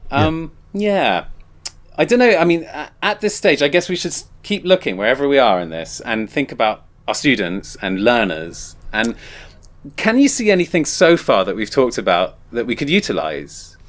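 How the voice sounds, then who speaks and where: A man's voice: medium pitch, sing-song, normal speed. A man guest on a podcast, chatting casually, laughing often and trading jokes. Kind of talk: casual conversation about comedy.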